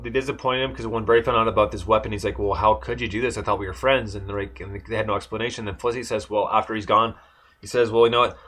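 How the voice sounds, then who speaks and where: A podcast co-host, male, chats loosely through an episode recap, rambling with lots of fillers and false starts. He speaks in a lowish, fairly bright voice.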